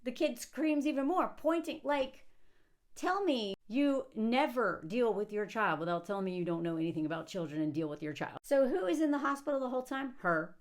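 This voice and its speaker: A woman with a fairly high voice rants through a casual film commentary. She is sarcastic and animated, often laughing mid-sentence and acting out the characters' lines. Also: fairly quick. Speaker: movie commentator.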